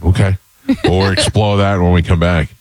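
A man's voice: low voice, little pitch movement, moderate pace, no room sound. A man hosting a talk radio show, joking wryly and mocking himself in casual banter on a studio microphone. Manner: wry, jokey, self-mocking.

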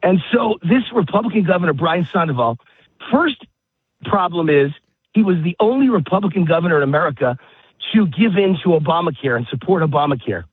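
A man's voice: a little high, animated, a little fast, husky, no echo. A man walking his dog while calling in, out of breath, ranting emphatically and repeating himself. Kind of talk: political talk radio rant. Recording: tinny phone-line audio.

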